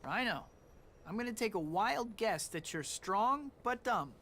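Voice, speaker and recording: A man's voice: sits high, expressive, a little slow, a bit bright, a little hiss or hum, exaggerated voice. An actor voicing a wisecracking young male superhero in a video game, teasing his foe. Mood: taunting. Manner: quippy, teasing.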